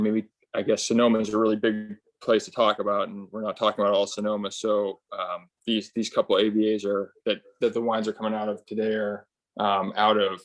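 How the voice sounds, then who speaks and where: A man interviewing a winemaker, talking hesitantly with many ums and restarts. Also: fairly low pitch. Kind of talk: casual interview.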